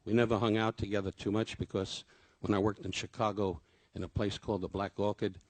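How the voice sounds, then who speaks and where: A man's voice: on the low side, level tone, fairly quick, dry recording. An older man, a comedian, giving a rambling, self-deprecating memorial tribute full of anecdotes.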